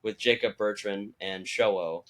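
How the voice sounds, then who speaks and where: A man's voice: on the low side, unhurried. A young man hosting a podcast, chatting casually and acting out the people in his stories. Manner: animated storytelling, acting out quoted voices. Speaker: podcast host. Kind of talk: casual chat.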